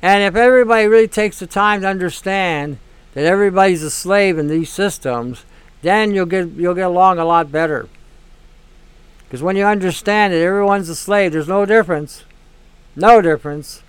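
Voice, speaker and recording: A man's voice: high-pitched, moderate pace, clean tone, dry recording. A man hosting a show, talking in a blunt, ranting monologue that keeps repeating itself and swears freely. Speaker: show host. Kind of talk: opinionated monologue.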